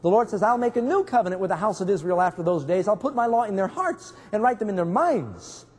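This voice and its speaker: A man preaches in a somewhat high, husky voice, weaving stories into his sermon and throwing questions to the congregation. His words ring out with a long reverb, as in a large church hall. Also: big pitch swings, fast talker, a little mellow. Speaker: pastor.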